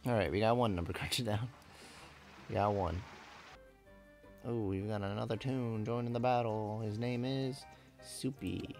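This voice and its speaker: A man chatting his way through a video game session, rambling and correcting himself as he goes. His voice is on the low side with a gravelly, fry-tinged texture, and faint game music plays under his talk. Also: fairly even intonation, normal speed, pauses often. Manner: rambling, self-correcting, laughs a lot. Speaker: let's play gamer. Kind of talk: casual gameplay commentary.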